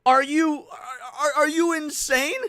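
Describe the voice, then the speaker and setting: A man's voice: very high-pitched, steady tone, takes it slowly, pushed and bright, no echo, studio quality. A man hosting a live reaction stream, ranting heatedly with lots of swearing. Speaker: livestream host.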